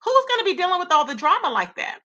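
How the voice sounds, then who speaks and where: A woman's voice: extremely high pitch, sing-song, fast talker, bright, forceful tone, dull audio. A woman hosting a live gossip commentary stream, reacting with incredulous rhetorical questions and greeting her chat. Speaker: commentary channel host.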